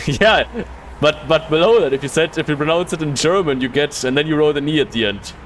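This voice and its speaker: A man's voice: on the high side, a little fast, a little hiss or hum. A man streaming a game live, reading the dialogue aloud in a casual way, stumbling over words and swearing offhand.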